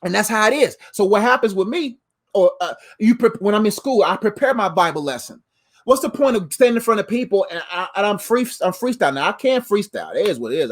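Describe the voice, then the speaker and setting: Male life coach preaching on dating standards, lively swooping pitch, playful slang, motivational faith talk. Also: fast. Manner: animated and playful, slangy asides.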